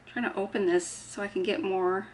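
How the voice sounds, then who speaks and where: A woman's voice: mid-range voice, steady tone, a little fast, a little mellow. A woman chatting casually while she does her makeup, talking through each step and poking fun at herself. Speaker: beauty vlogger. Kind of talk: casual get-ready-with-me chat.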